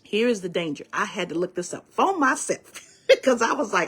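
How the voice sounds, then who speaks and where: A woman's voice: medium pitch, lively intonation, brisk, a bit bright. A woman acting as a spiritual guide, delivering a channeled oracle-card message in an emphatic, preachy way and calling her listeners baby and my loves.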